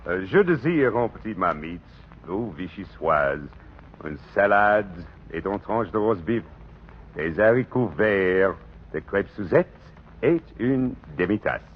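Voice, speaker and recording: A man's voice: fairly low pitch, expressive, measured pace, breathy edge. An actor playing a courtly middle-aged Frenchman with a French accent who speaks formal, broken English, in 1940s radio acting. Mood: polite. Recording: dull old radio broadcast with faint hiss.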